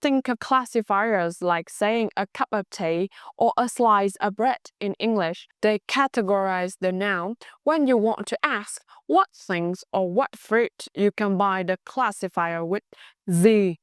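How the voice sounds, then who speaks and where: Vietnamese-accented woman teaching clearly. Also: medium pitch, no echo, clean studio sound. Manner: clear, measured, slows to spell out example phrases. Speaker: language teacher. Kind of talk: scripted lesson narration.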